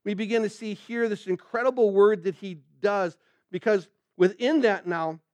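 A man's voice: sits high, normal speed, darkish tone, dry recording. A man preaching a verse-by-verse sermon as a pastor, earnestly quizzing his listeners with questions he answers himself. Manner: asks the room rhetorical questions and answers them. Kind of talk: sermon, verse-by-verse Bible teaching.

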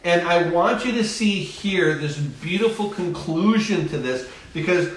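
A man preaches with emphatic repetition, his voice sitting a bit high for a man. He is recorded from some distance in a very echoey room, so his words ring around the space. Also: expressive, measured pace, slight background noise. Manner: emphatic, repeats phrases, acts out voices. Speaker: pastor. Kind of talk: sermon. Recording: echoey room, far from mic.

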